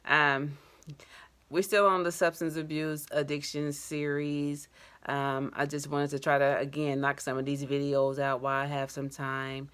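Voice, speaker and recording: A woman's voice: sits low, level tone, a little slow, fairly bright tone, smooth. A middle-aged woman who works as an addiction counselor, talking candidly on her vlog and telling her own story with casual slang and open emotion. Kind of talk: personal vlog talk.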